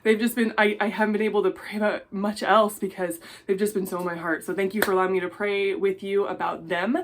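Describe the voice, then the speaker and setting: Gushing, excitable woman jewelry vlogger. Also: medium pitch, fast talker. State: fatigued after illness. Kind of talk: casual tutorial chat.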